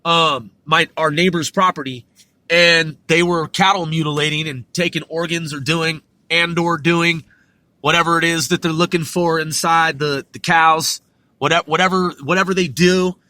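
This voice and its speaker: A man's voice: a little high, fairly even intonation, moderate pace, pushed and bright, no room sound. A man hosting a podcast, telling a story in a rambling, profane way with many restarts. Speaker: podcast host.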